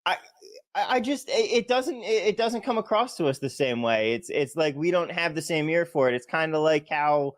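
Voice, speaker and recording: American guy hosting a betting podcast, kinda high pitched, dry close mic. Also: expressive, normal speed, dry recording. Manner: upbeat, stumbling restarts. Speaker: podcast host. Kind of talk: casual betting podcast chat.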